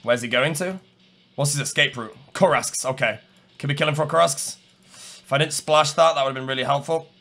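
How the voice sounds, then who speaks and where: A young man giving live gameplay commentary, chatting to his viewers, calm and muttering one moment and shouting the next. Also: on the high side, a little fast, faint music behind. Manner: chatty, talks to viewers and opponents. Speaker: gaming streamer.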